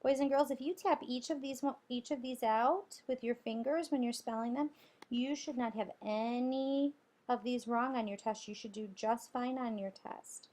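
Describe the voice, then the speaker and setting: A woman's voice: fairly high pitch, normal speed, darkish tone. A woman teacher guiding children through a spelling lesson, patiently sounding out letters and syllables.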